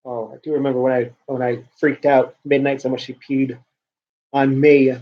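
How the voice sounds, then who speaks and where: Here a man presents a joke news show from his home, chatting casually at his computer in a rambling, joking, self-mocking way, trailing off and picking back up. His mid-range voice barely moves in pitch and keeps a moderate pace. The recording's highs are cut off.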